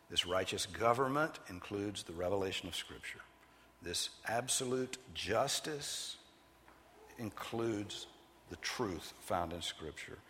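A man preaching in a church sanctuary, with a slightly low voice that has a bright, forceful edge. He teaches with an emphatic, measured cadence. His words ring on with a long reverb through the large hall. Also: a little hiss or hum. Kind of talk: expository sermon.

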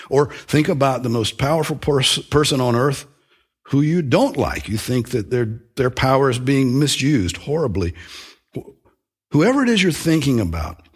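Male preacher delivering a sermon, slightly husky, earnest, leans hard on key phrases. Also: medium pitch. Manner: earnest, emphatic, with slow stressed phrases and small restarts.

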